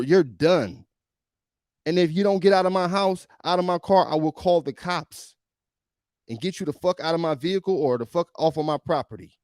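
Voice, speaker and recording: A man's voice: high voice, darkish tone, no room sound, clean studio sound. A male podcast host giving emphatic, preachy reaction commentary on a video, often repeating himself.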